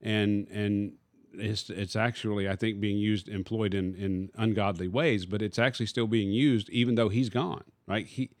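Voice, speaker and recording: A man's voice: on the low side, little pitch movement, moderate pace, no room sound, clean studio sound. A man, a pastor, teaching casually in a discussion and posing rhetorical questions to his listener.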